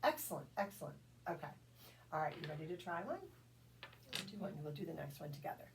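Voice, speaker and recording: A woman tutoring one-on-one in a phonics drill, patient and encouraging, sounding out each letter slowly. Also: low voice, expressive. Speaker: reading tutor. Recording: distant mic with faint background noise.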